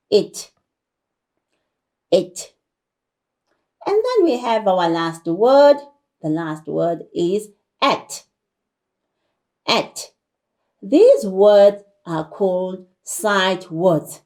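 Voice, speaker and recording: A woman's voice: medium pitch, a little mellow. A woman teacher from South Africa giving a broadcast lesson to young children, repeating words and coaxing the class with frequent "all right" and "okay".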